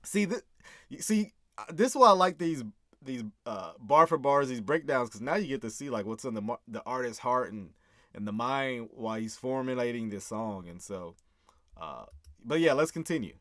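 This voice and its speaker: This man's mid-range voice is fairly bright, with lively intonation at a normal speed. Hosting a casual commentary on a song he wrote, he talks earnestly, chuckles, and keeps asking "right?" in a dry, studio-quality recording.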